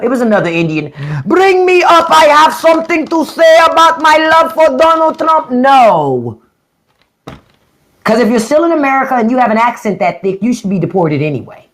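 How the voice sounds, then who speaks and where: Blunt, profane livestream host. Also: medium pitch. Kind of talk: unfiltered livestream rant. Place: livestream at home.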